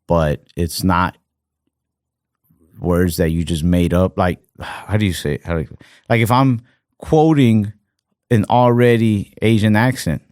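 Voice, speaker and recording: A man's voice: low voice, fairly even intonation, measured pace, pauses often, a little mellow, no echo, studio quality. A young American man co-hosting a casual comedy podcast, rambling with lots of "like" fillers. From United States. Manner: rambling, heavy on fillers like "like" and "fucking". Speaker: podcast co-host.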